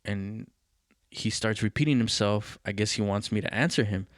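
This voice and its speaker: A man hosting a podcast recounts a personal story in a lowish voice at moderate speed, recorded dry with clean studio quality. He swears freely, stays animated, and performs the voices of people he quotes.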